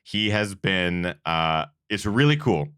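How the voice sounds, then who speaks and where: Deep-voiced man hosting an awards show. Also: animated, slow, fairly bright tone, smooth, no echo, studio quality. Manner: earnest, rambling with restarts. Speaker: host of a running channel. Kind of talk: casual awards show chat.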